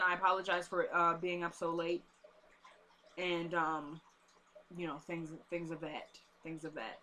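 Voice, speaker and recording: A woman's voice: lowish voice, bright, forceful tone. A woman vlogger recapping a TV episode in casual, informal chat, repeating herself for emphasis.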